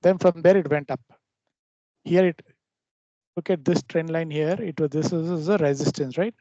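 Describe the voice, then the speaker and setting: A man teaching a trading lesson over a screen share, explaining in a halting way with frequent restarts. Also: a little high, warm tone, no room sound. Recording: dull lo-fi dry recording.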